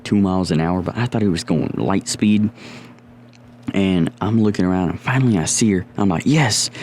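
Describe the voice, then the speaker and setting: A young man with a very low, deep voice tells a casual story on his vlog. He rambles and swears freely, often restarting his sentences, over a faint background hiss. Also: darkish tone. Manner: rambling, profane, with frequent restarts. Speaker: vlogger.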